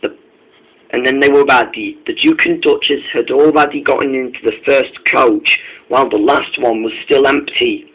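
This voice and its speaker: A man's voice: medium pitch, fairly even intonation, moderate pace, husky. Male storyteller, informal and eager, tinny phone-like sound. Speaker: narrator. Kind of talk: reading a toy-train story.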